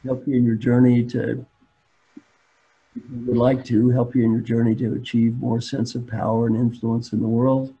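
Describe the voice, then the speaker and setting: Husky older man giving a webinar talk. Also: mid-range voice, little pitch movement, moderate pace. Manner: storytelling, repetitive, plainspoken. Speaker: speaker, coach. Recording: dull webinar audio.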